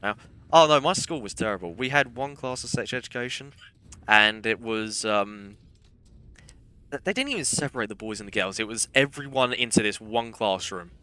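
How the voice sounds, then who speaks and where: A man's voice: lowish voice, expressive, normal speed, bright, forceful tone, smooth. A young man streaming a game, rambling through casual anecdotes with self-deprecating humour. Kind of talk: casual gameplay commentary and storytelling.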